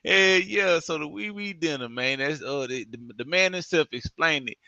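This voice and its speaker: A man's voice: fairly high pitch, animated, moderate pace, vocal fry, sharp tone, no echo. A man hosting a casual interview, laid-back and agreeable with lots of slang. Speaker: interview host. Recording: dull lo-fi audio.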